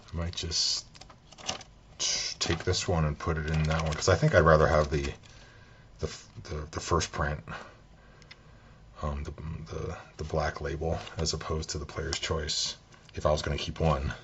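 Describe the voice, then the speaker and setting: A man talking through his video game collection in a relaxed, soft-spoken way, thinking aloud as he goes, at home. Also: rumbling low, a little slow, pauses often, slight background noise.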